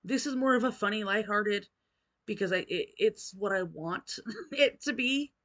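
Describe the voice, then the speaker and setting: A woman's voice: mid-range voice, normal speed, fairly bright tone. A middle-aged woman vlogger telling a personal ghost story, candid and emotional, swearing casually.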